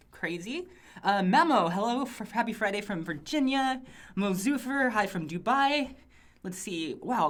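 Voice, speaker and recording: A woman's voice: medium pitch, a bit bright. A woman hosting a casual live stream from a small office studio, reading out viewer greetings in an upbeat, rambling way with lots of fillers. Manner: chatty and upbeat, rambling asides with frequent fillers. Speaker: livestream host.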